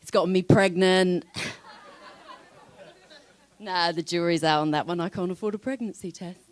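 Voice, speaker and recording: A woman's voice: fairly low pitch, fairly even intonation, normal speed, some chatter behind. A young woman from London with a London accent, performing a wry, self-deprecating stand-up comedy set. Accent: London English. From London, England.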